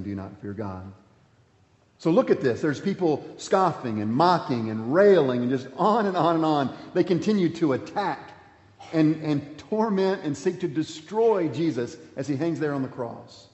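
A man pastor preaching a sermon, swinging between emphatic points and hushed, quiet passages. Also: on the high side, expressive, normal speed. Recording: echoey hall, dull sound.

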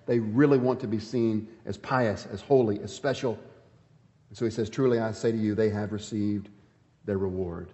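A man preaches emphatically, reading scripture and pushing his points with dramatic shifts in pitch and volume, though his tone stays steady. His voice is warm and moderately paced. The recording is muffled and made in a large hall.

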